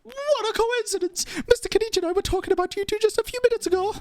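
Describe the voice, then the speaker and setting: A man's voice: extremely high pitch, fast talker, dry recording, voice pushed up. A man doing a gushing girl reporter. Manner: gushing, fake accent. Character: bubbly young woman news reporter.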